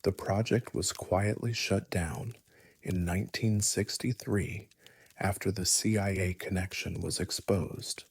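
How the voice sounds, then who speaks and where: Male horror storyteller, slow and hushed, very low husky whisper-edged voice. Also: steady tone. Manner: hushed, often whispery delivery. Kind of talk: scripted first-person horror narration.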